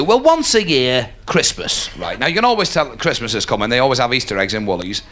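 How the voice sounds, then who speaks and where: A man doing a live stand-up comedy routine, telling stories animatedly and dropping into quick put-on voices. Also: mid-range voice, wildly swooping pitch, fairly bright tone, some chatter behind, a little hiss or hum. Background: audience laughter.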